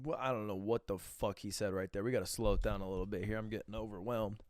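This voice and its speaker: A man's voice: on the low side, fast talker, soft background music. A man streaming live, chatting casually and reacting to videos with profane jokes. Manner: animated, profane, joking.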